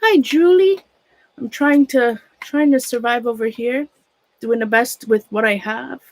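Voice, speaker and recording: A middle-aged woman chats casually on a livestream, her voice sitting a little high. She sounds nervous and a bit shaky, rambling on and greeting viewers by name as she sorts through her things. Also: measured pace, no room sound, rough recording. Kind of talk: casual livestream chat while sorting a closet.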